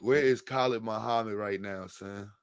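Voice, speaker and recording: A man's voice: on the low side, fairly even intonation, normal speed, clean tone, no room sound. A man hosting a casual comedic reaction show, swearing and laughing in slangy banter. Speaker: podcast host.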